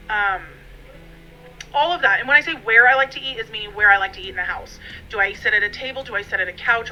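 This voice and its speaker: A woman's voice: fairly high pitch, bright, forceful tone, highs cut off. A woman vlogging from her dining room at home, talking in a rambling, friendly way with many fillers. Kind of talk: casual chatty vlog.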